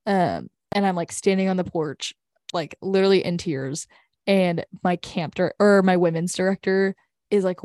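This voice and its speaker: Young woman podcast co-host, low-set voice, rambling casual chat full of fillers, dry close sound. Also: moderate pace, a little mellow, no echo. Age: young adult. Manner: rambling, heavy use of "like".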